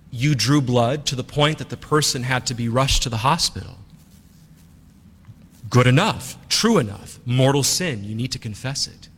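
A man's voice: mid-range voice, fairly bright tone, big-room sound. A man preaching as a priest, who talks emphatically and repeats his key phrases. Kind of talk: sermon.

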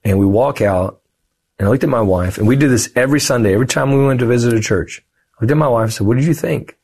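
A man in his thirties, a guest on a podcast, telling a personal story in a lively, conversational way and acting out the voices of the people in it. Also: medium pitch, fast, breathy edge. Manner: animated, lively storyteller who acts out quoted dialogue.

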